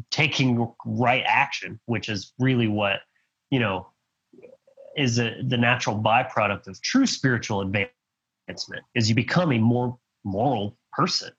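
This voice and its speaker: Male podcast host, husky mid-range voice, blunt and halting, lo-fi recording. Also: medium pitch, a bit bright. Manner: halting, many restarts, blunt. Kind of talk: casual podcast conversation. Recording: dull lo-fi sound.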